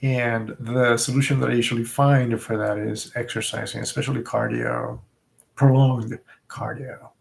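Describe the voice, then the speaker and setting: This live vlogger is a man whose gravelly voice sits at medium pitch and sounds animated. His talk is casual and reflective, full of halting pauses and frequent restarts.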